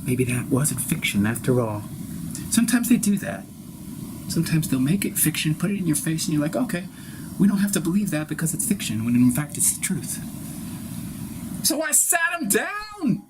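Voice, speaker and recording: A man's voice: a little high, very animated, a little fast, background noise. A man performing an improvised comic monologue, rambling and conspiratorial, cursing freely. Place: live-streamed solo performance.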